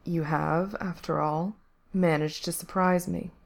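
A woman voicing a cold, menacing male villain who speaks quietly and with measured threat. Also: deep voice, level tone, creaky. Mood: soft menace.

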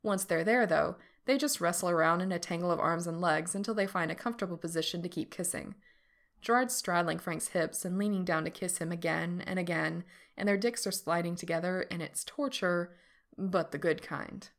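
Gravelly low-voiced woman reading fiction. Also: moderate pace. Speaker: reader.

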